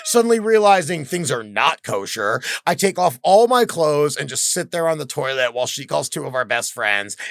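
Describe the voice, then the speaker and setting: Animated man telling a story. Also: mid-range voice, no echo, clean studio sound. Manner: animated, acts out quoted voices. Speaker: comedian guest. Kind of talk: casual podcast storytelling.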